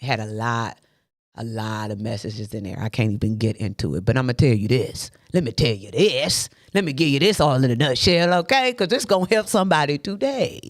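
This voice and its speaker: A woman's voice: rumbling low, a little fast, dry recording. Woman host, motivational faith talk, preachy and direct, dry close recording. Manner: animated, preachy, talks straight to listeners.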